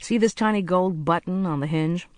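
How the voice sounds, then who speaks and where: A narrator voicing a cheerful, brisk young male agent in an audiobook. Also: mid-range voice, dry recording, close to an everyday voice. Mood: breezy. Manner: brisk, blithe, chatty. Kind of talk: audiobook character voice.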